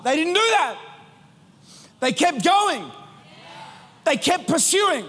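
A man preaching a sermon as pastor, building with fervor and breaking into shouts. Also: very high-pitched, lively intonation, unhurried, long pauses. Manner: impassioned preaching, rising to shouts. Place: church sanctuary. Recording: long reverb in a large hall with music.

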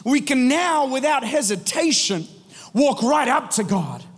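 High-voiced preacher man in a reverberant hall. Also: big pitch swings, measured pace. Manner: impassioned preaching, rising to shouts. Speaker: pastor. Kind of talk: sermon. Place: church sanctuary. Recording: long reverb in a large hall with music.

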